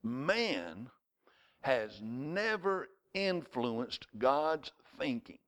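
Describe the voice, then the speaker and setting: A man, preaching a sermon as pastor of his congregation, mixing scripture with personal stories and acted-out shouts. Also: very animated, extremely slow. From United States. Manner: storytelling preacher, jumps to high shouted voices in anecdotes.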